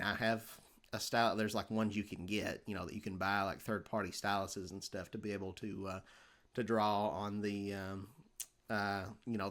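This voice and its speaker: A young man, talking casually on a podcast with lots of ums and restarts. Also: fairly low pitch. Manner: rambling, many fillers and restarts. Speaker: podcast host.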